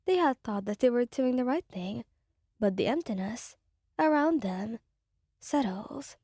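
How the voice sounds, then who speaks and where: A woman narrating a romance story in a quiet, somber ASMR style. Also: fairly high pitch, lively intonation, a little slow, breathy edge, no room sound, studio quality.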